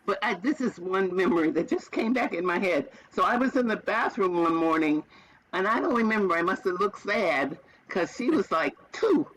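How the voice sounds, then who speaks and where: A woman's voice: mid-range voice, lively intonation, normal speed, rough recording. A woman in her seventies, guest on a podcast, telling heartfelt stories in an emphatic way and repeating phrases for effect. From American South. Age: 70s. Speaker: podcast guest, retired teacher. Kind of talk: heartfelt conversational storytelling.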